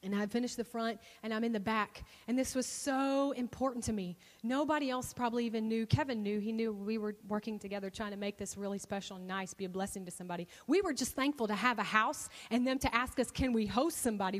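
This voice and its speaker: A woman with a fairly high voice preaches, her story rising into animated bursts of excitement. The sound carries a long reverb, as if from a large hall. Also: brisk. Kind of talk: sermon storytelling.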